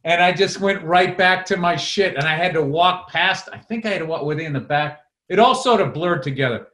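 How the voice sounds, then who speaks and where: A man's voice: on the high side, a little fast. Man telling a story in an echoey room. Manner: profane, animated storytelling. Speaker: podcast co-host and comedian. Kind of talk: casual storytelling chat.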